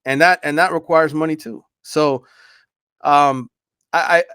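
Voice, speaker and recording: A man's voice: on the high side, fairly even intonation, a little slow, a bit bright, clean tone, no echo, studio quality. A man, a sports reporter guest on a radio show, talking in casual conversation with stammered restarts and a reassuring tone. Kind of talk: casual interview chat.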